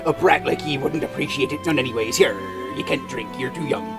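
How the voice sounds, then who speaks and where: A man voicing a gruff, swaggering pirate captain who taunts in pirate slang, reading game lines aloud. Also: mid-range voice, over loud music, close to an everyday voice. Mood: taunting. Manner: growling pirate slang with drawn-out "yar". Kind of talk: reading game dialogue in a put-on voice.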